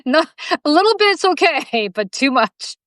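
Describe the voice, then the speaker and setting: A woman in her fifties, a podcast guest, teasing and laughing often in animated casual chat. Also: high voice, unhurried, no room sound.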